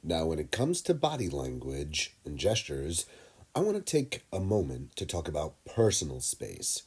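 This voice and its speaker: Low deep guy giving a kids lesson, slow and careful, voice swings up and down a lot, mellow tone. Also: huge pitch swings, husky. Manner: slow, deliberate, talks straight to kids. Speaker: teacher. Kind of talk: lesson narration for children.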